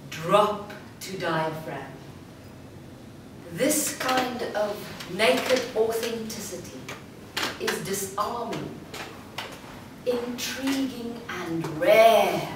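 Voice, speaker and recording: Female voice coach, measured demonstrative workshop delivery, recorded from afar in a noisy, reverberant hall. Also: medium pitch, animated. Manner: slow, deliberate, demonstrative delivery. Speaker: speaker and voice coach. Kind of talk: live workshop talk. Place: large room before a live audience. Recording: echoey hall from far off with room noise.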